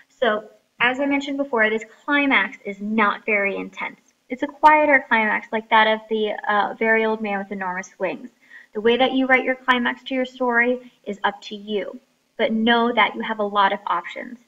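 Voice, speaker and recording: A woman's voice: a little high, normal speed, a bit bright, muffled recording. A woman teaching a class lesson on story writing, explaining step by step and reading passages aloud.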